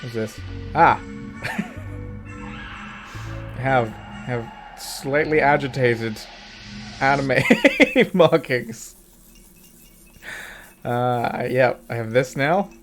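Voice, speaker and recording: A man's voice: medium pitch, very slow, long pauses, faint music behind. A man streaming as a VTuber, chatting casually and often breaking into laughter. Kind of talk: casual livestream chat.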